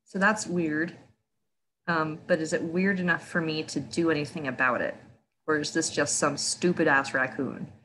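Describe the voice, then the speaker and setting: A woman's voice: sits low, steady tone, normal speed, a bit bright, slight background noise, poor audio. A woman playing her character at a tabletop game, casual and blunt. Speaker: player. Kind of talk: tabletop role-play.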